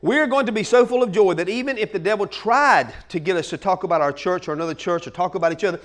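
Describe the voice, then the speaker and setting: A man preaching an energetic sermon, full of folksy asides and sudden shouted bursts. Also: high-pitched, quick pace. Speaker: pastor.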